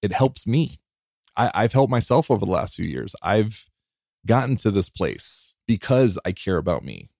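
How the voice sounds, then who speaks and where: A heartfelt man speaks on his own podcast in a fairly low voice. He sounds emotional and close to tears, stumbling over restarts and breaking into small laughs. The recording is dry, with no room sound. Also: big pitch swings, moderate pace, vocal fry, a little mellow, no room sound. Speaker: podcast host. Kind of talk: reflective solo podcast monologue.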